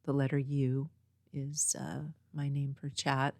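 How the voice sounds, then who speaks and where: Woman podcast host from Northern California, low voice, dry close mic, casual meandering storyteller. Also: completely flat delivery, takes it slowly, darkish tone, dry recording. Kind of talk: casual chat. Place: home next to a small post office. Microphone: own podcast mic.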